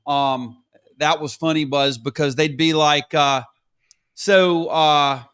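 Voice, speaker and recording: A man's voice: on the high side, steady tone, measured pace, a bit bright, clean tone. A man from Alabama with a Southern accent, a podcast guest who tells stories in a friendly, playful way. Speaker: guest, financial advisor. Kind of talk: casual interview chat.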